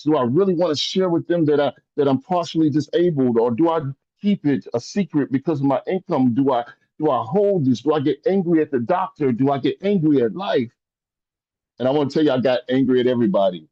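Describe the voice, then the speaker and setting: A man giving an impassioned motivational talk, preacher-like, repeating phrases and rising to high emphatic peaks. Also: warm tone, no echo, lo-fi sound. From rural upbringing. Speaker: motivational speaker.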